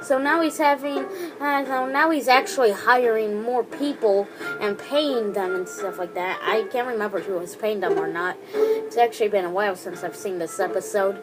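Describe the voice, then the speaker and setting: A woman's voice: mid-range voice, moderate pace, poor audio. A woman hosting a casual countdown video, talking hesitantly with many fillers and restarts. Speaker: video host. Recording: music playing behind the voice.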